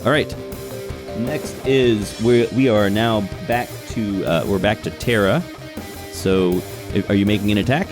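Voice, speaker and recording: Low-voiced man running a tabletop game. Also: music in the background. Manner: descriptive, unhurried scene-setting. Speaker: game master.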